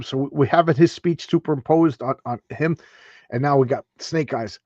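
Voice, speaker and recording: A man gushing over a comic book page by page, excitable and often stumbling and restarting. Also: medium pitch, unhurried, long pauses, breathy edge, dry recording, muffled recording. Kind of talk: enthusiastic comic page read-through.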